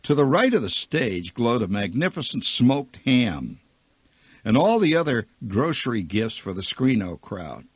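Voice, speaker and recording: A man telling a comic story as a radio storyteller, animated, swinging between loud flourishes and hushed asides. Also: mid-range voice, measured pace, slightly rough, dry recording. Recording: dull lo-fi archival radio recording.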